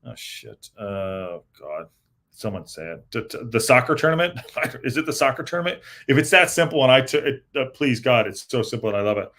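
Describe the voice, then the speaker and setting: A man's voice: medium pitch, lively intonation, fairly quick, fairly bright tone. A man hosting a casual live-stream podcast, reading the chat aloud and rambling with lots of fillers and restarts. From United States.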